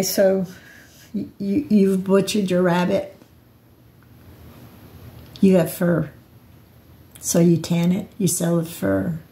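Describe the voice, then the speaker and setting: In a mellow, fairly low voice, an older vlogger reflects on her life through meandering personal stories, frequently starting her sentences over.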